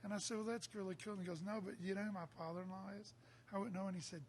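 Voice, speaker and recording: A man, telling a lively bar story in a casual chat and acting out the people he quotes. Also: high-pitched, fast talker. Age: 60s. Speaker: songwriter guest.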